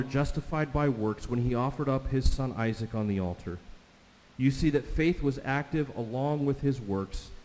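A man preaching a sermon as a pastor, emphatic, slowing down to stress each scripture quote. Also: medium pitch, a little mellow, in a large hall, low-quality recording.

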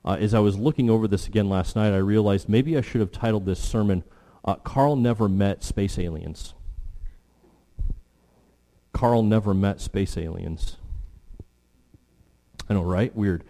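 A pastor giving a sermon, emphatic, acting out the quotes he reads and dropping to a hush for weight. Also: on the low side, measured pace, pauses often.

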